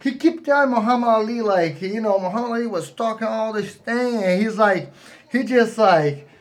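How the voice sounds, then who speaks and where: High-voiced man, broken English. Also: normal speed. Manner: broken, non-native grammar, animated storytelling. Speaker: fighter, guest. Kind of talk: casual podcast chat.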